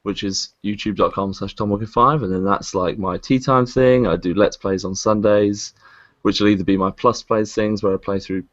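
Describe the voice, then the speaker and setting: A man's voice: on the low side, fairly even intonation, normal speed, highs cut off. A man chatting as a podcast guest over an online call, telling stories with quoted voices. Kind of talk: casual chat.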